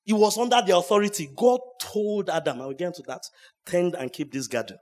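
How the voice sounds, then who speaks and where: A pastor preaching at a church service, his voice sitting fairly high for a man. He swings from quiet, dropped asides to loud, ringing shouts. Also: brisk. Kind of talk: sermon.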